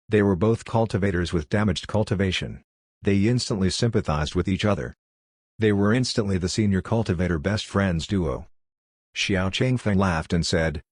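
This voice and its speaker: A man narrating an audiobook in a steady, plain way. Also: low voice, no room sound, clean studio sound. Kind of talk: scripted narration.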